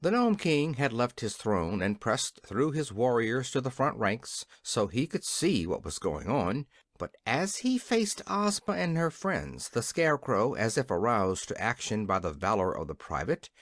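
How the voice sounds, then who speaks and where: A man narrating a classic children's fantasy audiobook with expressive storytelling. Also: mid-range voice, no echo, clean studio sound. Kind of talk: scripted narration.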